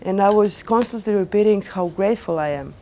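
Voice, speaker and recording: A young woman DJ telling her story to an audience in animated, non-native English with small grammar slips, lots of fillers and restarts. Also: mid-range voice, fairly quick, slight background noise. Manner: animated, acts out quoted dialogue. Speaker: DJ giving a lecture.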